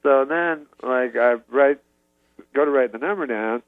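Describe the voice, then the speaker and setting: A male comedian guest telling a meandering story in a relaxed, chuckling way. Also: medium pitch, normal speed, no room sound. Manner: meandering, laid-back, chuckling asides. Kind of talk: rambling storytelling. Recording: dull lo-fi audio.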